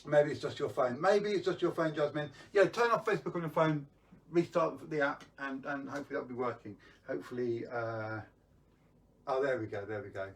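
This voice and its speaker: A man's voice: mid-range voice, a little fast, distant mic. A man hosting a live magic stream, chatting casually to viewers with lots of ums and restarts.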